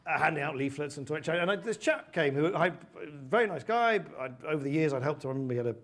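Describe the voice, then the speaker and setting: A man's voice: a little high, expressive, fast, a bit bright. A middle-aged British man speaking earnestly as a guest speaker, answering interview questions and telling stories with animation. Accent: British English. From United Kingdom. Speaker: guest speaker, former politician.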